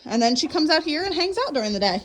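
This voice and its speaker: Fast-talking and sing-song, a young woman leads a casual handheld-phone tour of her farm, outside and in the barn. She's upbeat, chatty, a little out of breath, and uses a high voice to call the animals; faint outdoor background noise is audible.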